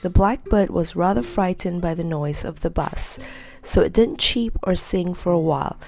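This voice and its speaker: A woman narrating a children's story in a gentle, measured reading. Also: lowish voice, vocal fry.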